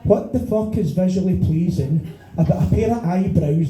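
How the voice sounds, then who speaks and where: A man's voice: sits high, moderate pace, warm tone, soft background music. A middle-aged Scottish man doing a stand-up set, ranting with profanity and exasperated rhetorical questions. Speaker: stand-up comedian. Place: small bar venue stage. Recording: echoey bar room.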